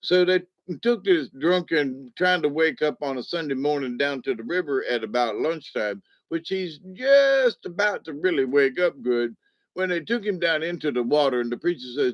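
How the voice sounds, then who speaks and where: A man's voice: medium pitch, animated, normal speed, dry recording. Man, rambling folksy storyteller, chuckling, muffled dry recording. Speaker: spiritual card reader. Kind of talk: casual storytelling monologue.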